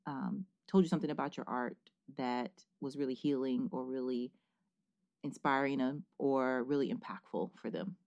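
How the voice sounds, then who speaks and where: A woman hosting a podcast, asking questions in relaxed casual chat. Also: a bass voice, moderate pace, vocal fry, no room sound, muffled recording. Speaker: podcast host.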